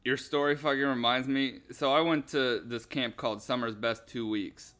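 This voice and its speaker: A man's voice: mid-range voice, steady tone, moderate pace, fairly bright tone. A young man co-hosting a podcast, chatting casually with crude, teasing jokes. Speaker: podcast co-host. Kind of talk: casual chat.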